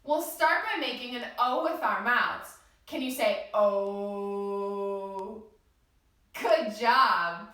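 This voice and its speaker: A woman guides small children through yoga with a cheerful, sing-song voice that lifts high and swoops low. Her tone is bright and clear, and she speaks slowly and deliberately, as if to toddlers. She is recorded from some distance in a very echoey room. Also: big pitch swings. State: out of breath after dancing. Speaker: kids yoga teacher.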